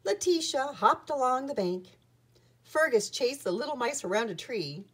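A woman reading a children's picture book aloud with an expressive storytelling manner. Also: high voice, normal speed, breathy edge.

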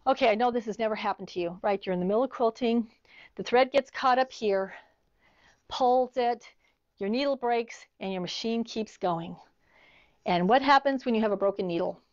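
A woman's voice: a little high, darkish tone, no room sound, dull audio. A middle-aged woman teaching an online sewing class, chatty, telling stories as she demonstrates. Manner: chatty, storytelling asides. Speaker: sewing instructor.

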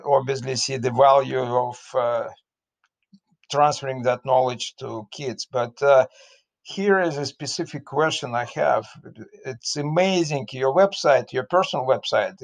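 Slow-talking man with a Russian accent. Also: mid-range voice, vocal fry. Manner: slow and searching, with many restarts. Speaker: interviewer. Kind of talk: online interview chat. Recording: dull lo-fi audio.

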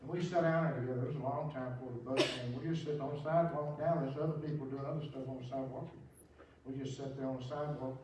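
Folksy preacher in an echoey church. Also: male voice, mid-range voice, fairly even intonation, fast talker, highs cut off, background noise. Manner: folksy storytelling, humorous asides. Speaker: pastor. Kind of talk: sermon. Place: church sanctuary. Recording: very echoey church, distant mic.

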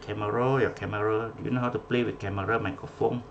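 A man with a Malaysian English accent runs an online class over a video call. His voice sits a little low, and he drifts between English and Malay, repeating names and tagging on "eh?". Faint noise hums behind him. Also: flat delivery, fast, vocal fry, dull audio. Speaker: teacher.

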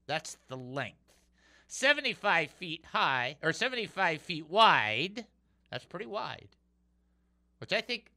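A man hosting a call-in radio show, joking around and reading Bible verses aloud. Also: on the high side. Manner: animated and joking, reads scripture aloud. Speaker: radio host.

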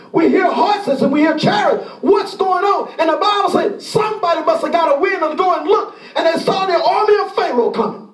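High-voiced preaching pastor, shouting in an echoey room. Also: male voice, recorded from a distance. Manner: impassioned preaching, often shouting, acting out voices. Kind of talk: sermon.

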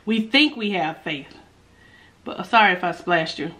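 A woman's voice: lowish voice, lively intonation, measured pace, bright, forceful tone. A woman vlogger in casual mukbang chat while eating, talking straight to her viewers with playful asides and hums. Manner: chatty, talks straight to viewers as y'all. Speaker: food vlogger.

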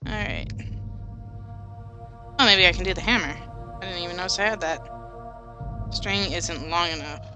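A woman's voice: on the low side, normal speed, long pauses. A woman casually commenting as she plays a game, chatting, muttering and humming to herself as she explores. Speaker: let's play gamer. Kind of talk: casual let's play commentary. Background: game music.

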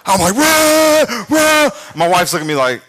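Lively, bright-voiced man preaching. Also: fairly high pitch, racing. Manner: animated storytelling with shouted sound effects. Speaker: pastor. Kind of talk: sermon. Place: large church.

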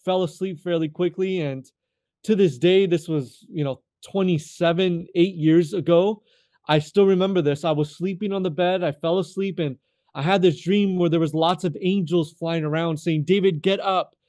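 A man in his thirties from California, telling his life testimony as a guest in an earnest, halting way, often repeating words as he restarts. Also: high-pitched, steady tone, mellow, dry recording, studio quality. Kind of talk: personal testimony storytelling.

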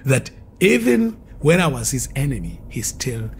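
A man tells his conversion story in an earnest, vivid way, coming back to the same phrases for emphasis. His voice sits at a middle pitch, and there is a faint hiss behind it. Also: sing-song, normal speed, vocal fry, darkish tone. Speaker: former occultist giving testimony. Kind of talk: personal testimony storytelling.

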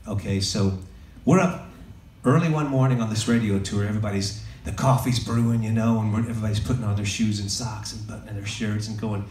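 A man's voice: fairly low pitch, brisk, a little hiss or hum. Chatty man telling stories on stage. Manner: loose, chatty, joking with the audience. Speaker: songwriter performing live. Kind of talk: stage storytelling between songs. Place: live music venue, on stage. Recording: echoey live room, heard from a distance, loud music.

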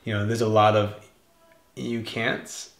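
Gravelly man in an echoey room. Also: lowish voice, fairly even intonation. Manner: halting, restarts often, trails off quietly. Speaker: homestead vlogger, co-host. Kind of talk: casual chat.

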